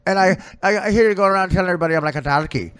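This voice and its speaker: Comedy bit: man doing a shrill old Irish woman with a put-on Irish accent, scolding, high and loud. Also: rapid-fire, clear, resonant tone, close to an everyday voice.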